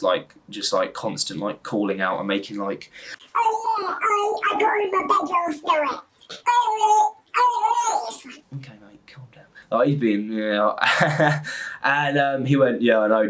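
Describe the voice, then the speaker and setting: A man's voice: mid-range voice, a bit bright. A young man chatting casually to a camera on a tripod, rambling and laughing often. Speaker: vlogger.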